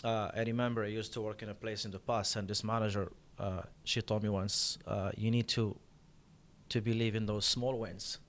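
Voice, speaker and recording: Low-voiced halting podcast host. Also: male voice, level tone, slight background noise. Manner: hesitant, many uh fillers, halting phrasing. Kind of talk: podcast interview.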